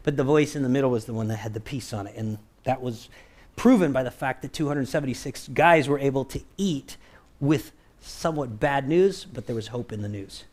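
A male pastor preaches a conversational sermon in a mid-range voice, talking a little fast. He's animated, acting out the voices of the people he quotes and constantly checking in with "right?"

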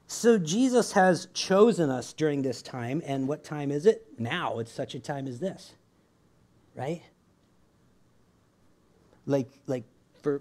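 A male pastor with a slightly raised pitch who preaches like he's chatting with friends. He leans on quick asides, small jokes and a constant "right?" to keep the room with him. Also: a little mellow. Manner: conversational, keeps asking "right?", laughs often. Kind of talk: sermon.

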